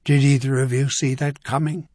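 A man's voice: mid-range voice, level tone, normal speed, darkish tone, no room sound, clean studio sound, lightly acted. A man voicing a direct, curious nobleman in an audiobook. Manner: retorting, direct.

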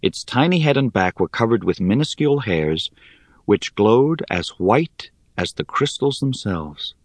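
A man reading a fantasy novel aloud in the first person, measured and expressive. His pitch moves freely through each sentence, and the sound is dry and close with no room around it. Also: no room sound. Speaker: audiobook narrator. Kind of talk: first-person audiobook narration.

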